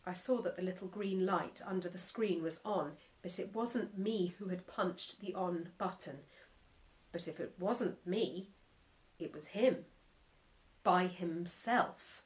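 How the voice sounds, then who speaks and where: A woman author giving an expressive, measured reading of her own novel. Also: on the low side. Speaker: nominated author.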